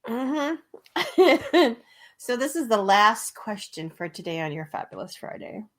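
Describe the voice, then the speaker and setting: A woman's voice: a little high, very animated, slow pace. A woman hosting a casual comedy podcast, laughing often as she asks silly questions. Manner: giggly, laughs through her questions. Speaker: podcast host.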